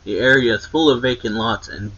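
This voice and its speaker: A man's voice: mid-range voice, a little fast, sharp tone, lo-fi sound. A young man casually retelling a manga chapter in a rambling, filler-heavy way, with many restarts. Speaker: anime reaction channel host.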